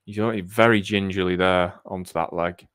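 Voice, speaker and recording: A man's voice: low-pitched, steady tone, moderate pace, fairly bright tone, clear, resonant tone, dry recording, studio quality. A man co-hosting a live cricket watchalong, chatting casually and thinking aloud with frequent ums. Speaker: cricket podcast co-host.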